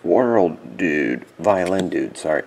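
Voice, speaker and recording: A man's voice: sits low, expressive, gravelly, a little mellow, slight background noise. A man hosting a card break, yawning and sleepy with watery eyes, calling out card names casually. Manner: drowsy, yawning, reads card names in quick bursts.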